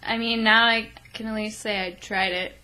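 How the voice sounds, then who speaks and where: A woman co-hosting a casual podcast chat. Her voice is bright and sits a little high. She laughs easily and teases with wry asides. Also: steady tone, moderate pace, rough recording. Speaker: podcast co-host.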